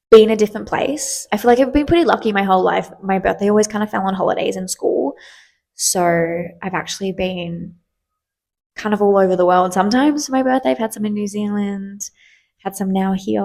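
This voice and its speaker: Young woman, twenties, podcast host, gravelly fry, mid pitch, candid, chatty, swears casually. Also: steady tone, fairly quick, darkish tone. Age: 20s. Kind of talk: casual solo podcast chat.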